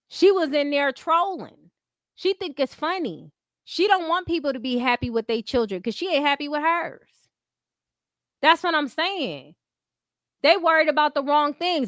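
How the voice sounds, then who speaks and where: A woman's voice: high-pitched, fairly bright tone, no room sound, clean studio sound. A woman hosting an unscripted commentary stream, talking bluntly with heavy profanity and repeating her catchphrases.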